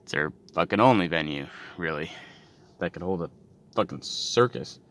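A man's voice: deep voice, animated, normal speed, a bit bright. A man from Canada ranting and swearing through a podcast while driving, exasperated and full of asides. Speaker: podcast host. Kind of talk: profane podcast rant. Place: in a moving car. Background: faint car noise.

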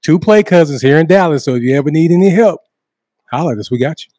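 A man co-hosting a sports talk podcast, trading quick, joking banter. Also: fairly high pitch, animated, dark tone, no echo, clean studio sound. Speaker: podcast co-host. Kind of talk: sports talk show chat. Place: Dallas.

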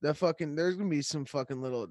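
A man's voice: on the high side, fast talker, darkish tone, no echo. A young man co-hosting a podcast, blunt and crude, swearing freely. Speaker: podcast co-host. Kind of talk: casual podcast chat.

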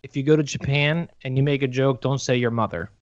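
A young man co-hosting a casual podcast, excitable and jokey, quick with stories. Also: medium pitch, dry recording, lo-fi sound. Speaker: podcast co-host. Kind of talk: casual chat.

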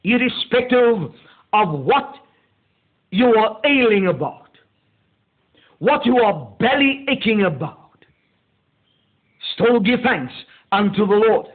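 A male pastor delivering a meditative sermon, slow and deliberate, leaning hard on key words. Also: sits high, sing-song. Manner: slow, deliberate preaching with drawn-out emphasis. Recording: tinny phone-like audio.

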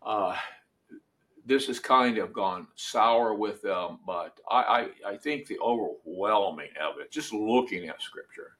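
A male preacher delivers a sermon in a slightly low voice. He speaks very slowly and deliberately. He lifts his voice for emphasis as he reads scripture. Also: a bit bright. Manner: slow, deliberate, rising with emphasis when reading scripture.

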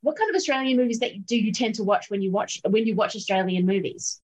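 A woman's voice: medium pitch, quick pace, darkish tone. Give me a chatty woman hosting a film podcast. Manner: chatty, upbeat, many fillers and little laughs. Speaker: podcast host. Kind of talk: casual film chat.

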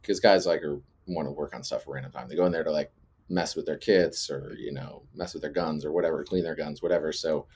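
A man who is a guest on a podcast, with a husky voice, joking crudely in casual chat. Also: rumbling low, steady tone, fast, a little mellow. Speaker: podcast guest, former navy diver.

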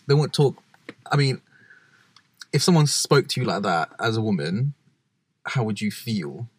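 Husky-voiced man in easy chat. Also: lowish voice. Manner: animated, plays out voices of people he quotes. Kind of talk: casual chat.

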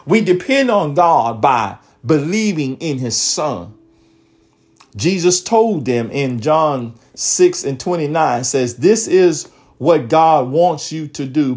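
A male preacher giving a sermon, reading scripture verses slowly and breaking in with exclamations and calls to his listeners. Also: fairly high pitch, darkish tone.

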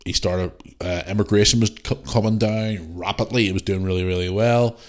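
A man's voice: on the low side, fairly even intonation, fairly quick. A man from Northern Ireland with a Northern Irish accent, hosting a casual solo podcast, blunt and opinionated, swearing freely and sniffly from the flu. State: getting over the flu, sniffly. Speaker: podcast host.

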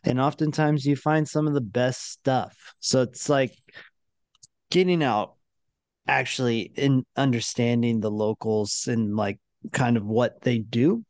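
A man's voice: mid-range voice, measured pace, a little mellow, no room sound. A man co-hosting a podcast in casual chat, thoughtful and restarting words as he builds a point.

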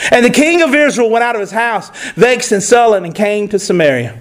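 A man's voice: high-pitched, lively intonation, a little fast, hardly any pauses, fairly bright tone. A man preaching a sermon, emphatic and repeating phrases for stress.

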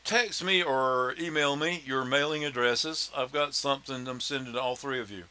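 A man's voice: medium pitch, steady tone, normal speed, sharp tone, smooth. A man hosting a podcast, chatting casually and joking with his co-hosts. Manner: joking, rambling, sign-off style. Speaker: podcast host. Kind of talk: casual chat.

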